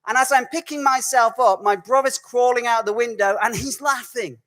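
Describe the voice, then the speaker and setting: A man preaching as a guest speaker in a recorded video message, telling stories in a conversational, animated way and often correcting himself mid-sentence. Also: very high-pitched, normal speed. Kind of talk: storytelling sermon.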